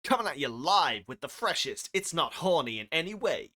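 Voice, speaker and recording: A man voicing an over-the-top male online video host with a loud, punchy hype delivery. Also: a little high, sing-song, moderate pace, voice pushed up, exaggerated voice. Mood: hyped.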